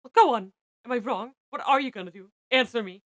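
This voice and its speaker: A woman's voice: a little high, animated, very fast, a bit bright, no echo. A woman voicing a stern, condescending older woman secretary in a visual novel, who belts out harsh, scolding demands. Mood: furious.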